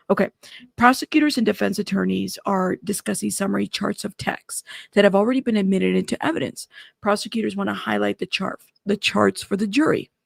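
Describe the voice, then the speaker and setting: Gravelly-voiced woman hosting a live news stream. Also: mid-range voice, no room sound, clean studio sound. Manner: reads quotes aloud with startled asides. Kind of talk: live-stream commentary reading court updates.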